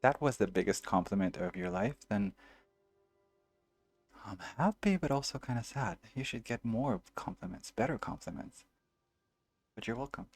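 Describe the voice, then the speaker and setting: A man's voice: medium pitch, animated, moderate pace, vocal fry, long pauses, warm tone, slightly rough, no echo. A man streaming a video game, chatting casually and answering viewers while he plays. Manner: chatty, reads and answers viewers, muses aloud. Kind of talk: casual let's-play chat.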